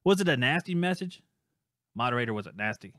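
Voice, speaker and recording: A man's voice: medium pitch, expressive, fast talker, fairly bright tone, no room sound, studio quality. A man hosting a live podcast in a casual, playful way, reading out listener guesses and teasing them. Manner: playful, reads out listener messages and teases guesses. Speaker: podcast host.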